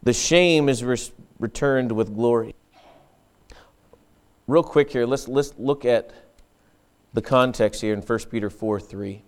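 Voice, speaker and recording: A man's voice: medium pitch, takes it slowly, long pauses, clean tone. A man pastor preaching an earnest, emphatic sermon with frequent restarts.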